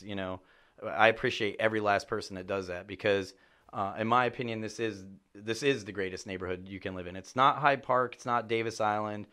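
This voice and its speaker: A middle-aged man chatting as a podcast guest, an animated storyteller who swears for emphasis and jumps up in pitch when excited. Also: clean tone. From Chicago area. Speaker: podcast guest, real estate agent. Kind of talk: casual chat.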